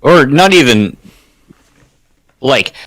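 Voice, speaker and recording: A man's voice: medium pitch, expressive, very slow, fairly bright tone, no room sound. A man talking casually as a player in a tabletop game, in a laid-back, joking way.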